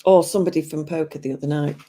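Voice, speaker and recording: A woman's voice: deep voice, fairly even intonation, fast, warm tone, a little hiss or hum. An English woman in her fifties hosting a livestream, chatting casually and answering viewers' comments aloud with frequent laughter. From England. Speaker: livestream host.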